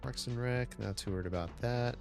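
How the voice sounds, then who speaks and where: A man's voice: medium pitch, gravelly, darkish tone, faint music behind. A man casually talking through his city-building gameplay, muttering to himself as he builds. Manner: slow, muttering narration of his own moves. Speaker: gaming streamer.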